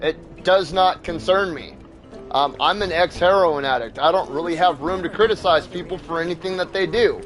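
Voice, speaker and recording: Faint music plays behind this young man, a dad who runs a gaming channel and rants bluntly and profanely while he plays. His pitch is high and his pace moderate, and the commentary stays heated.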